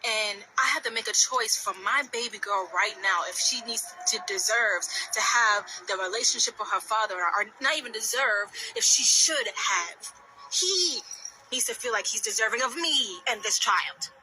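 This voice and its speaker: A woman speaking rawly about personal hurt, fighting back tears and shifting from quiet reflection to pained outbursts. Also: fairly high pitch, normal speed, soft background music, poor audio. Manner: raw, confessional, swings from quiet to pained. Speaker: vlogger sharing a personal story. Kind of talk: emotional personal video.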